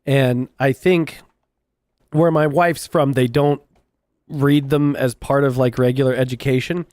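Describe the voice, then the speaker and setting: A man's voice: mid-range voice, steady tone, measured pace, darkish tone, no echo. A man hosting a live stream in casual chat, rambling, restarting his sentences and laughing often. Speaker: streamer host.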